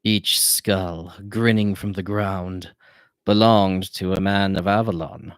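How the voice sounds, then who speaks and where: A sorrowful old wizard speaks in a deep, low voice, as a man reads him aloud for an audiobook. Every phrase comes slow, measured and heavy. The sound is dry and close. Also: steady tone, smooth, no echo. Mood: mournful. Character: grieving old male wizard, weary and mournful. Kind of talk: audiobook narration. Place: home.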